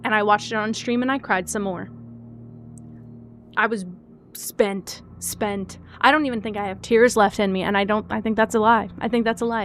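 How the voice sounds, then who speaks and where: A young adult woman streaming, chatting casually and gushing excitedly, swinging between loud squeals and soft teary asides. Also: medium pitch. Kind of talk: casual live-stream chat.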